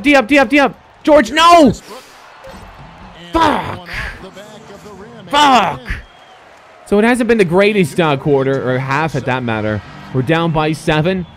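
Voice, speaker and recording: Young guy streaming a basketball game, high voice, super animated, yelling and cursing at the players. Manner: excitable, swearing, shouting at players. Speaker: gaming streamer. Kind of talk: casual game commentary.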